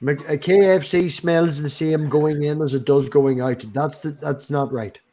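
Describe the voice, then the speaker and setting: A man's voice: a little high, fairly even intonation, moderate pace, warm tone. Jokey man telling stories on a call. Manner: jokey storyteller. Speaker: guest. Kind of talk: casual livestream chat.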